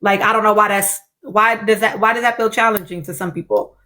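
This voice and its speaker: Mid-range, a little fast and pushed bright, this woman's voice fronts a casual opinion podcast for live viewers. She's blunt, says things more than once, and curses without restraint.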